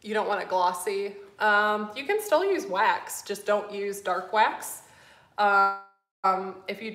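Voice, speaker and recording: A middle-aged woman hosts a live stream from a room with a noticeable echo. She talks fast and bubbly, packing in as much as she can. Her breath runs short as she goes. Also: medium pitch, a bit bright. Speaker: host. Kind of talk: live stream chat with viewers. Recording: echoey room.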